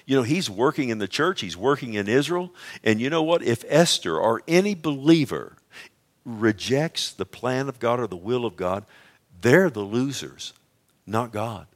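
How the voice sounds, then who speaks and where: A man's voice: medium pitch, lively intonation, normal speed. A middle-aged male pastor preaching a sermon, emphatic and often asking his listeners questions. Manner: emphatic, asks the congregation questions.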